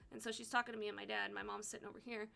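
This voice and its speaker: Blunt, gravelly young woman storyteller. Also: mid-range voice, very fast. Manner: blunt, profane, animated retelling with quoted dialogue. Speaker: vlogger telling a personal story. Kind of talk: casual storytelling.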